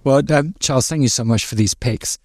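A man's voice: mid-range voice, brisk, a little mellow, no echo, studio quality. A man hosting an interview, asking polite, slightly hesitant questions. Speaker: podcast host.

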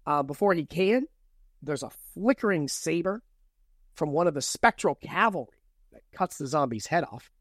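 A man co-hosting a podcast, casually recapping a novel's plot and reading quoted lines aloud with lively emphasis. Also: fairly high pitch, normal speed, no echo, studio quality. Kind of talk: casual book-recap chat.

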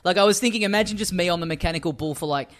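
Animated podcast storyteller. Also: mid-range voice, racing. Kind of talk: casual chat.

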